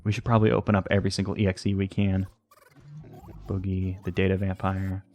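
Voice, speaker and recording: A man's voice: deep voice, monotone, fairly quick, a little mellow. A man hosting a let's play, rambling and hesitant as he talks to the game's pets. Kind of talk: casual game commentary.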